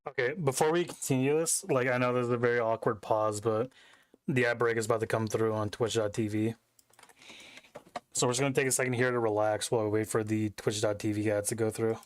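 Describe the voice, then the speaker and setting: A man's voice: mid-range voice, fairly even intonation, brisk. A young man chatting casually as a game streamer, rambling, cursing and interrupting himself. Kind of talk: casual chat while streaming. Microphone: desk mic.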